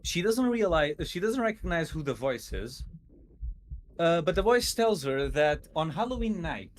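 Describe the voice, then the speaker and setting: A nervous man telling a spooky story on a stream, stuttering and halting often. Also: fairly high pitch, sing-song, slight background noise, low-quality recording. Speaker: guest storyteller.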